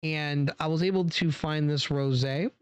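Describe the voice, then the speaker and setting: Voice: medium pitch, unhurried, clean tone, dry recording. Wine reviewer, casual tasting talk, chatty, lots of ums, dead dry sound. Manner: chatty and relaxed, many fillers, talks straight to viewers.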